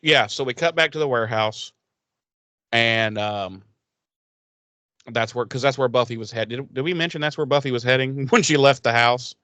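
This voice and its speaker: A man's voice: medium pitch, moderate pace, pushed and bright, no room sound. Brief: male podcast co-host, rambling profane storyteller, dead-dry sound. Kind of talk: casual episode recap.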